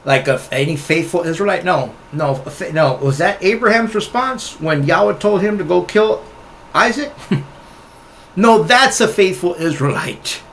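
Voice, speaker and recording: A man's voice: sits high, expressive, normal speed, gravelly, fairly bright tone, slight background noise. A man giving rebuttal commentary on a Bible teaching video, argumentative and scoffing, often talking straight at the other teacher.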